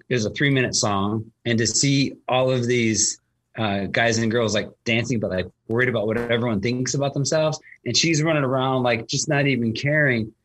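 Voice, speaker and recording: A man's voice: mid-range voice, fairly bright tone. A man talking casually as a host, telling a long story with lots of fillers and restarts. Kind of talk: casual conversation.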